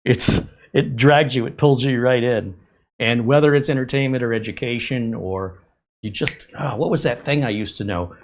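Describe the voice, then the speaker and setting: An easygoing man hosts a tech show and banters with a voice assistant. He jokes often and stumbles through hesitant fillers. His voice sits at an ordinary middle pitch. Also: a little hiss or hum. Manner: hesitant, joking, fills pauses with um and uh. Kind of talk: casual demo chat.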